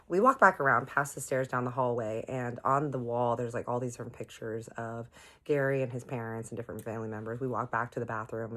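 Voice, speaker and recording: Very low-voiced chatty woman storyteller. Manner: chatty, animated retelling with quoted voices. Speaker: storytime vlogger. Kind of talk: casual storytelling.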